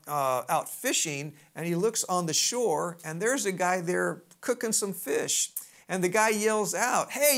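A preacher retelling a scripture story as a sermon, in a lively, folksy manner full of asides and big swings in pitch.

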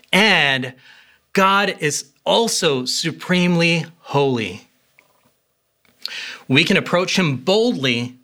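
A man's voice: fairly high pitch, bright, forceful tone. A man preaching a sermon as pastor, earnest and conversational, with a few fillers.

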